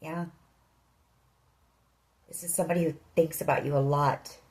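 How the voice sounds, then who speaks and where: Lady doing a tarot reading, kinda low voice, talking right to you. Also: fairly even intonation, moderate pace, low-quality recording. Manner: earnest, addresses listener directly. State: emotional. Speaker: tarot reader.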